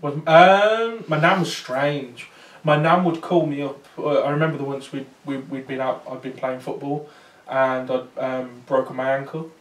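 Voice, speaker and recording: A man's voice: mid-range voice, fairly even intonation, normal speed, few pauses. A man, a paranormal investigator, telling a chatty story to a small audience, with many fillers and restarts. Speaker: paranormal investigator giving a talk. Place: talk venue with small audience. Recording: roomy sound from far off.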